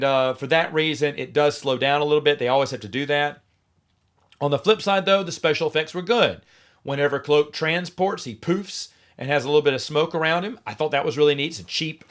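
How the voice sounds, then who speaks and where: A middle-aged man hosts his own podcast and talks casually through an opinionated review. His voice sits a little higher than most men's. He is sarcastic and sometimes mocks lines in a deliberately flat voice. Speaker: podcast host. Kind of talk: casual solo review monologue.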